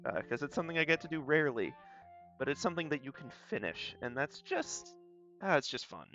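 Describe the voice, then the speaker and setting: A man's voice: a little high, big pitch swings, a little fast, pushed and bright. A young man with a light Southern US accent, chatting in a rambling, self-deprecating way while he draws on stream. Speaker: art streamer. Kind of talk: casual chat while drawing. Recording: slightly dull sound, faint guitar music.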